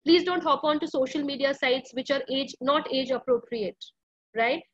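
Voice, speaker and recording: In lo-fi sound without echo, a high-voiced woman addresses parents at a parenting workshop run online by a school over video call. Speaking at a moderate pace, she sounds earnest, often pleads, and uses lots of fillers.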